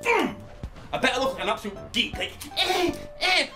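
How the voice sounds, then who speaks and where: A young man giving loud, excitable, swear-filled gameplay commentary, shouting often. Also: very high voice, normal speed, recorded from a distance, over loud music. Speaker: gaming YouTuber.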